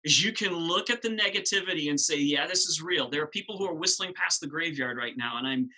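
Animated, husky-voiced male preacher. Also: fairly high pitch, fast, low-quality recording. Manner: animated, conversational, asks the congregation questions. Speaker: pastor. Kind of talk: sermon.

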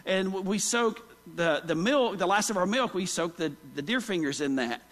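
A man preaches a sermon in a church sanctuary, telling folksy stories and tossing questions to the congregation. His voice sits high for a man, and the sound carries a long hall reverb. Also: lively intonation, normal speed, fairly bright tone. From Oklahoma. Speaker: pastor.

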